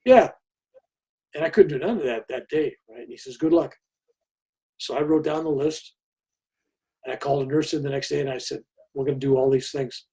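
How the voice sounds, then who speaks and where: Older man, mellow tone, slightly raspy, conversational storytelling, quotes others animatedly. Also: mid-range voice, fairly quick, pauses often. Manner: animated storyteller who acts out other people's lines. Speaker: interview guest.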